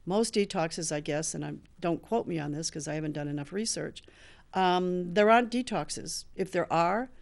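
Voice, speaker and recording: A woman's voice: lowish voice, moderate pace, creaky. An older woman in recovery telling a personal story earnestly, acting out the lines of the people in it. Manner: earnest, acts out dialogue in quotes. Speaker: show host sharing a personal story.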